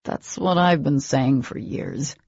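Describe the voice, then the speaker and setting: A woman voicing a teasing, cocky young male boyfriend in an audiobook, with a slow, low drawl. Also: darkish tone, no echo, dull audio. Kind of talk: audiobook character voice.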